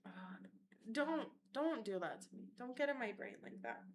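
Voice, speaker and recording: A young woman telling wild personal stories in a casual vlog, crude and animated, slipping into mocking voices. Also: high-pitched, moderate pace, slight background noise. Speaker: vlogger.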